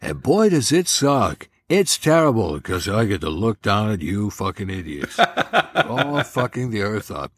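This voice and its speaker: A man's voice: lowish voice, very animated, a little slow, slightly rough, no echo, clean studio sound, full character voice. A man doing a cranky, foul-mouthed old comedian. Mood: sardonic ranting. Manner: sardonic, scornful rant. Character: cranky profane older male comedian ranting down from heaven.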